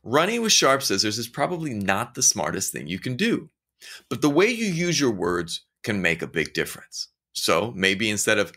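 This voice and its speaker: Lively, bright-voiced man giving a casual talk. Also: fairly low pitch, normal speed. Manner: animated storytelling, acting out quoted voices; conversational, addresses listener directly.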